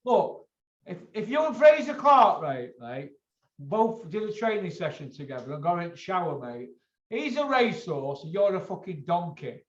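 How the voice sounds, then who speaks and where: Blunt, swearing man with a high voice. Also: very animated, normal speed. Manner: blunt, swears a lot, lecturing. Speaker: boxing show host. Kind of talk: blunt casual chat. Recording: echoey, dull lo-fi room sound.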